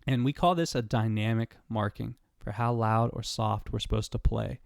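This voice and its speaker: A man's voice: fairly low pitch, fairly even intonation, normal speed, gravelly, no room sound, clean studio sound. A man teaching a step-by-step piano lesson, patiently counting and naming notes aloud as he plays. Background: piano playing.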